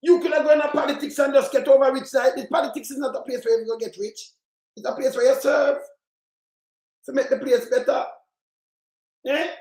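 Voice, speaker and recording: A man with a Jamaican accent rants furiously about politics on his channel, swearing often and rambling in patois. His very high-pitched voice is steady and darkish, a little fast, with long pauses, recorded in an echoey room.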